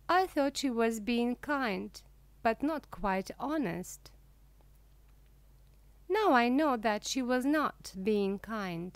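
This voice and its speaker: A woman reading a humorous book aloud slowly and clearly for language learners. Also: on the high side, animated, no echo. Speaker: audiobook reader.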